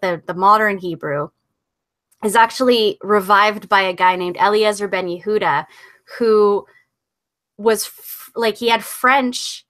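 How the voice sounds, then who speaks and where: A woman's voice: medium pitch, fairly bright tone. A woman guest in a casual conversation, explaining things at length with enthusiasm.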